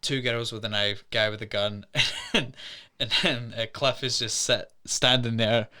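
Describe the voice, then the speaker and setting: A man co-hosting a studio podcast, casually retelling a film's plot in an animated way and acting out characters' lines. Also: medium pitch, unhurried. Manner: animated retelling, acts out quotes in put-on voices. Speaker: podcast co-host. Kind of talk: casual film review chat.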